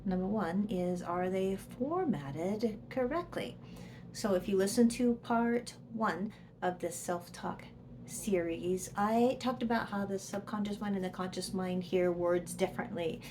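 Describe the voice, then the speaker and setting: A woman's voice: mid-range voice, a little slow, background noise. A woman presenter giving a casual educational talk to camera, explaining with examples and dropping to a whisper for the inner voice. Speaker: psychologist and presenter.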